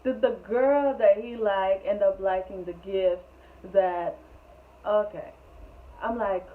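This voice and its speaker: A woman telling a storytime vlog in an animated, rambling way, full of "like", on a tinny, phone-like recording. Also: mid-range voice, slow pace. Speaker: vlogger. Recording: tinny phone-like sound, faint hiss.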